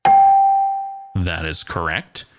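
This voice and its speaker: A man's voice: sits low, little pitch movement, drawn-out words, vocal fry, loud music behind the voice. A man hosting a casual podcast quiz, reading out facts in a dry, teasing way. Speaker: podcast host running a quiz. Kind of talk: casual chat.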